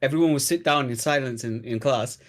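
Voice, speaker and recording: A young man in casual chat, telling a story from school with animated swings into loud emphasis. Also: mid-range voice, a little fast. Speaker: guest storyteller.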